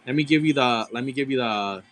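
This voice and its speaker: A man running a live-stream card auction, ranting excitedly and cursing as he argues a point with his viewers. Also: mid-range voice, brisk. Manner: profane, excitable, argumentative ranting.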